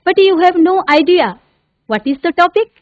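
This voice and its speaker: High, lively Indian woman teacher. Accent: Indian English. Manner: encouraging, repeats phrases, recites tongue twisters fast. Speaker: headmistress teaching an English class. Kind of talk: online classroom lesson. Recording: narrow phone-like sound.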